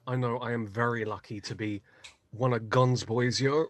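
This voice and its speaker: A man plays his turn in a tabletop game, cracking jokes and riffing on his character. His voice is mid-pitched and plain, with a playful lilt. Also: fairly even intonation, moderate pace. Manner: jokey, playful. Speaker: player. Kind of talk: casual tabletop play.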